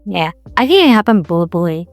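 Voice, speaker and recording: A woman co-hosting a podcast speaks at a middling pitch in a reflective way, working through her thoughts out loud. The sound is dry and close, with light music in the background. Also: very animated, brisk, no room sound. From India. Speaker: podcast co-host. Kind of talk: casual chat.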